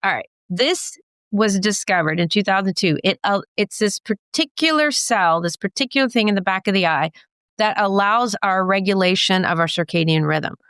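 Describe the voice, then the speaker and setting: A woman optometrist and professor explaining eye science in a jokey, teacherly way, full of quick asides and wordplay. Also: mid-range voice, fairly bright tone, clean tone, no echo. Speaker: optometrist and professor giving a guest lecture. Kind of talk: playful explanatory talk to a host.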